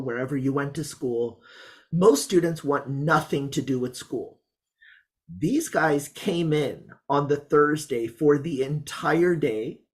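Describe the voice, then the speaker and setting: A teacher presenting a student project to an online audience. The voice sits at an ordinary middle pitch and the delivery is chatty, upbeat and full of enthusiasm. Small asides keep it conversational. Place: Montreal.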